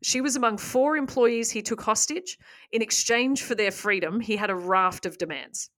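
A woman hosting a casual podcast, retelling a story with lively asides and laughs. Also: fairly high pitch, moderate pace. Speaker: podcast host.

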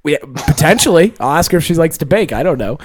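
Young male podcast co-host, slightly higher voice, jokey storyteller who laughs a lot. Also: lively intonation, fast, a loud crowd. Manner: joking, storytelling, laughs often. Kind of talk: casual chat.

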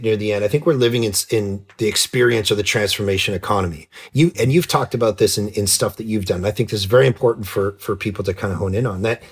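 A middle-aged man, a pastor and author, telling a story as a podcast guest, lively and jumping in pitch when he acts out scenes. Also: husky. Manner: animated, jumps pitch when acting out scenes. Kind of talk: casual storytelling in an interview.

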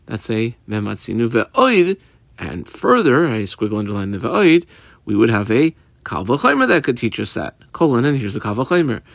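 Steady male Talmud teacher, dry sound. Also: mid-range voice, creaky, dry recording. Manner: explains each Aramaic phrase in English, steady teaching cadence. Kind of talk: daf yomi Talmud lesson.

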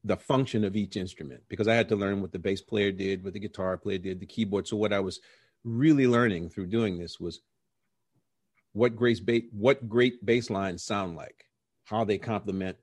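A middle-aged man, a jazz musician being interviewed, telling stories about his early career in a lively, conversational way and acting out the voices he quotes. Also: sits low, no echo. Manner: animated storyteller who acts out quoted voices.

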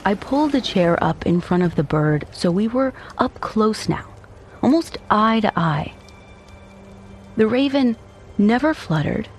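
A man narrating a dark first-person story in an intense, brooding, theatrical way. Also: sits high, a little hiss or hum.

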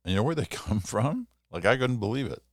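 A man's voice: on the low side, big pitch swings, brisk, no echo, clean studio sound. An older man hosting a solo podcast, chatting in a rambling way with self-deprecating asides. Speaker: podcast host. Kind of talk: casual solo podcast monologue.

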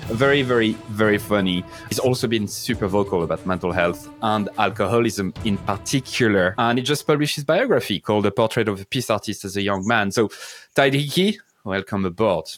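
A man's voice: fairly low pitch, brisk, faint music behind. A man with a French accent hosting a marketing podcast, upbeat and wry, swearing casually. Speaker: podcast host. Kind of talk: podcast interview.

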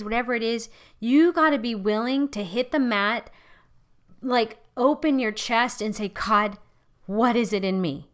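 A middle-aged woman leading a ministry, teaching in an impassioned, conversational sermon style that swings between loud and hushed. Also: fairly high pitch. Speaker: ministry leader.

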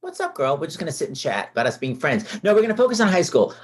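A man in his fifties hosts a podcast with a lively voice that swoops up and down. He tells chatty, anecdotal stories. He acts out the people he quotes with big exclamations. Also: a little high, rapid-fire, slightly rough. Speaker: podcast host.

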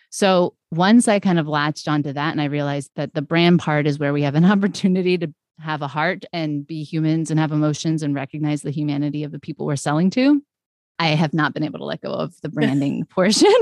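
Low, dry-sounding woman guest, brand strategist, thoughtful and chatty. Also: darkish tone, dry recording. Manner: reflective, conversational, with frequent "like" and "kind of". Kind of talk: casual podcast interview.

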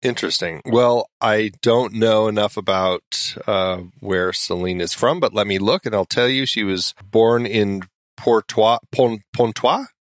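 A man's voice: lowish voice, unhurried, no room sound, clean studio sound. Joking man co-hosting a podcast. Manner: joking, tangent-prone, laughs often. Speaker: podcast co-host. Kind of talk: casual film-podcast banter.

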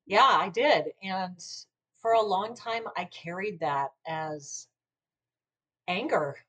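An American woman speaking reflectively as a podcast guest, often pausing with "you know". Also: on the low side, a bit bright, breathy edge. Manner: reflective, with frequent you-knows. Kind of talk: conversational interview.

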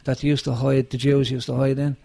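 A man's voice: mid-range voice, a little fast, creaky. A man with a Dublin accent talking casually in an interview, telling stories with plenty of swearing and heat. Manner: sweary, animated storytelling. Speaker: rock singer, guest.

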